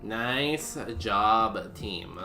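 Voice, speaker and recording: A man's voice: on the low side, lively intonation, drawn-out words, bright, forceful tone. A man streaming a game, chatting casually with goofy, self-mocking humor. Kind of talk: casual gameplay commentary. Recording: roomy echo with music behind.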